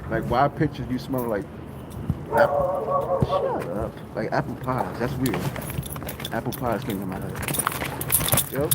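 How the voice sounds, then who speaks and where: A man's voice: mid-range voice, a little slow, pauses often, heavy background noise. A man from New York City with a New York accent, chatting casually on a live stream, joking in slang and repeating his lines.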